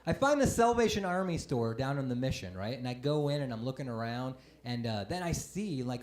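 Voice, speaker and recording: A stand-up comedian in his forties telling a self-deprecating story on a comedy club stage, breaking into sudden loud outbursts. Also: mid-range voice, lively intonation, fairly quick, hardly any pauses. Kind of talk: live stand-up set. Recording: roomy live club sound. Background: audience laughter.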